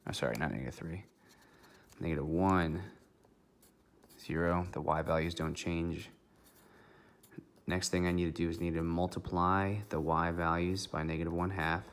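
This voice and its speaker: A man's voice: deep voice, level tone, moderate pace, a little hiss or hum. A man teaching a recorded math lesson, walking through each step methodically and checking in with "okay" along the way.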